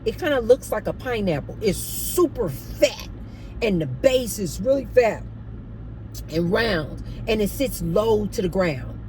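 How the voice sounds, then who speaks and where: Brief: a chatty woman vlogger with an expressive voice, telling a story straight to her viewers. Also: mid-range voice, a little slow, a little hiss or hum. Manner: animated, chatty, addresses viewers as "you guys". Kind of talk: storytime monologue.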